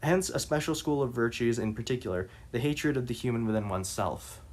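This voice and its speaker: A man reading interview passages aloud and commenting on them, halting with frequent restarts and fillers. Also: medium pitch, lively intonation, a little mellow. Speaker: reader and commentator.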